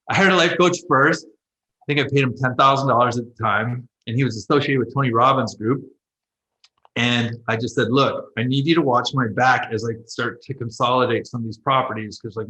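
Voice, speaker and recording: A man in his forties speaks with a bright, forceful edge, telling candid stories from his own life and acting out both sides of old conversations. He laughs often between lines. The voice bounces around an echoey room. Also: mid-range voice, a little fast. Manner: animated, laughs often, acts out quoted exchanges. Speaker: guest, former pro athlete turned life coach.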